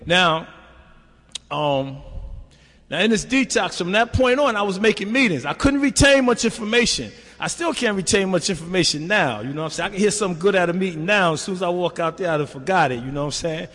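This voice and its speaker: A man's voice: sits high, lively intonation, a little fast, fairly bright tone. An older man giving a recovery testimony in a loose, streetwise, conversational way. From New York. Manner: streetwise, loose and conversational, constant "you know". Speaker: speaker sharing at a recovery meeting. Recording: reverberant hall.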